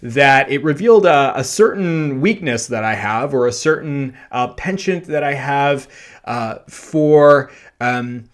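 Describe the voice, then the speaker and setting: A man hosting a podcast, telling a personal anecdote in a loose, animated way, full of fillers and self-deprecating laughter. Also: medium pitch, takes it slowly. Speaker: podcast host. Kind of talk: storytelling monologue.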